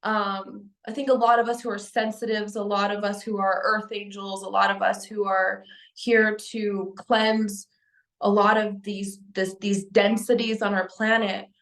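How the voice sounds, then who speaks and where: A woman's voice: mid-range voice, level tone, a bit bright. Young woman talking earnestly to camera, lots of ums and restarts, echoey room. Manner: earnest, halting with many restarts and fillers. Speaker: spiritual vlogger. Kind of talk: personal testimony to camera.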